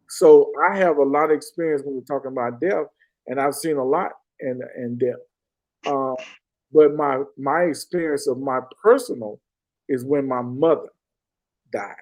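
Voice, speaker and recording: A man's voice: mid-range voice, steady tone, normal speed, darkish tone, rough recording. A middle-aged man from Arkansas, a former police detective earnestly telling a personal story and repeating phrases for emphasis. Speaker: podcast guest.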